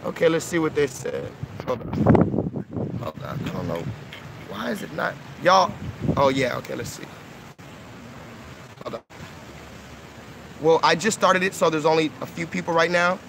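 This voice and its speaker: Earnest high-voiced man coaxing kids. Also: sing-song, normal speed, gravelly, long pauses, noisy background. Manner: earnest, coaxing, keeps asking "okay?" and "right?". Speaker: livestream host. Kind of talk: casual live-stream talk with kids. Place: outdoors by a pool.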